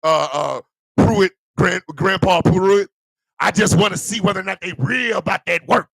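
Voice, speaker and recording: Male host, high voice, gravelly edge, comedic rant, loud and profane. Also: moderate pace, no echo. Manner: animated, profane, loud, laughing often. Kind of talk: comedic live-stream rant.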